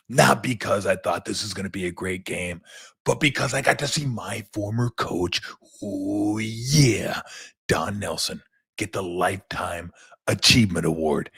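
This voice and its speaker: A man doing a swaggering male wrestler persona that booms out a bombastic promo, slow and deliberate, and keeps hammering the word brother. The voice sits low and strains as it pushes. It sounds like a hype man who lives for the spotlight. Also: creaky, a bit bright, husky, no echo, clean studio sound, full character voice. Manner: bombastic promo delivery, calls listener brother.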